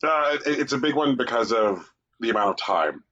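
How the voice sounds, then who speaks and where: A man's voice: mid-range voice, expressive, moderate pace, sharp tone. Joking man on dull lo-fi audio. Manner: joking, swears, tells mock-romantic bits. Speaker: podcast co-host. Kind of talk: casual chat.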